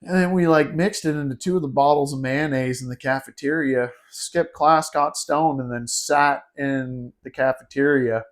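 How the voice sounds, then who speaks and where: A man telling a wild story on a podcast, animated and laughing, calling his cohost "dude" and "bro". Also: medium pitch, normal speed, hardly any pauses. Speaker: podcast host. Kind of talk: casual storytelling chat.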